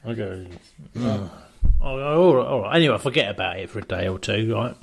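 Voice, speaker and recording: A man co-hosting a podcast, telling a deadpan comic story. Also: medium pitch, moderate pace, vocal fry, pauses often, slightly rough. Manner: deadpan storyteller who acts out voices. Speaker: co-host.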